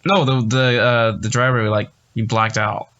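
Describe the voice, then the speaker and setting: A man's voice: mid-range voice, level tone, moderate pace, fairly bright tone, clean tone, muffled recording. A young man co-hosting a podcast who laughs often and tells work stories in casual chat. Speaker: podcast co-host.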